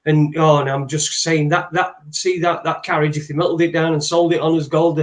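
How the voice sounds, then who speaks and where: Ranting man, higher voice. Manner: animated ranting, halting restarts. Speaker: co-host. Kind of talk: casual chat.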